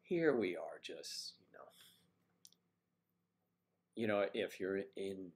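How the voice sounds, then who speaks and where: Hosting a casual livestream chat, a man with a mid-Atlantic American accent rambles playfully and tries out other accents. His voice sits low and has a sing-song lilt at a slow pace.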